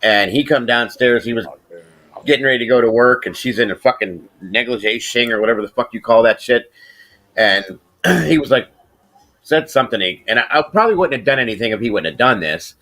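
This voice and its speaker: A middle-aged man hosting a casual podcast, telling a rambling, profane story and getting animated when he quotes people. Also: medium pitch, brisk. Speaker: podcast host.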